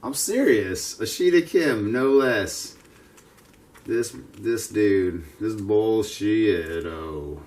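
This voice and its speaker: A man in his fifties, vlogging casually outdoors, talking in a chatty, digressive, self-mocking way. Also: on the low side. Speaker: martial arts vlogger. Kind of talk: casual rambling monologue. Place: outdoors, with passers-by around.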